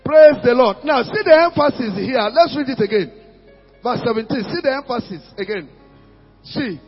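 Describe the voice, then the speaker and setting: A pastor with a very high, expressive voice preaches at normal speed, calling out to his congregation and asking for their responses. Faint music plays behind him, and the recording is muffled and lo-fi in a reverberant hall.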